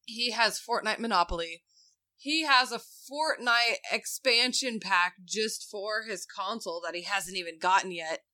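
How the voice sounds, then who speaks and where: A woman in her thirties chatting on a podcast, an animated storyteller who laughs through her punchlines. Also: mid-range voice, a little slow. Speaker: co-host telling family stories. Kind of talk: casual podcast chat.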